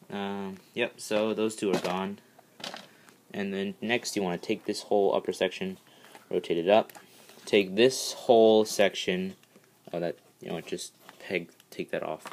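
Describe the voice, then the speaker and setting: A man with a very low voice walks through transforming a custom toy in a casual, rambling way. He keeps restarting his sentences and breaks into bursts of excitement. A faint hiss sits under the recording. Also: vocal fry. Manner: eager, rambling, many "all right, so" restarts.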